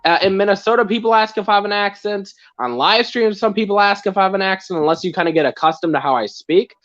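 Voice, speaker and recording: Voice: mid-range voice, quick pace, a bit bright, muffled recording. A guest on a livestream, chatting in an easygoing way, trailing off with "so" and laughing at themselves. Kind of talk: casual livestream chat.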